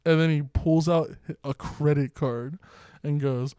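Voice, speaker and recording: A man's voice: fairly high pitch, little pitch movement, moderate pace, dark tone, smooth, dry recording. A young man co-hosting a podcast, telling a bar story in casual, profane, laughing chat. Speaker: podcast co-host.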